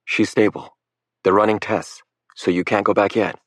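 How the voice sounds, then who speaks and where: Man reading a steady, apologetic doctor, deep voice, audiobook. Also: moderate pace, no room sound, studio quality, lightly acted. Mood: calm. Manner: calm, apologetic. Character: hospital doctor, calm professional man.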